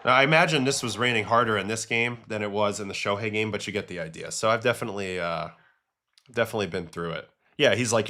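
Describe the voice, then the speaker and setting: A man with a somewhat low voice hosts a relaxed livestream. He chats loosely as he reacts to game clips and reads chat questions, mixing stories with quick takes. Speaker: host, former pitcher. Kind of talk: casual livestream commentary.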